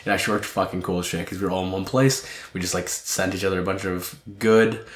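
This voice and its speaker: A young man with a low voice talks through his week in a loose, candid monologue, dropping swear words and wandering between thoughts. He sounds tired and underslept. The room around him is echoey. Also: steady tone, quick pace. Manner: candid, swears often, rambling. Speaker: podcast host. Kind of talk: casual reflective monologue.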